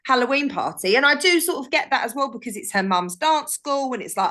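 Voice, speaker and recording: A woman's voice: high-pitched, expressive, brisk, pushed and bright. A woman, chatting casually as a podcast guest and telling stories animatedly. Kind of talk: casual chat.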